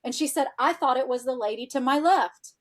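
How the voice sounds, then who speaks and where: A woman with a fairly high voice talks as a podcast guest, telling a personal story in a chatty, animated way. She fills her sentences with "like" and voices the people in her story as she goes. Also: brisk. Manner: animated, chatty, frequent "like" fillers, acts out quoted dialogue. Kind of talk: casual storytelling in a podcast interview.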